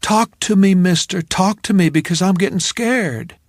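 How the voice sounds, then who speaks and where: Male reader as a lively young woman, eager and insistent, slightly raised pitch, dry close sound. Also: normal speed, vocal fry, dry recording. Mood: worried.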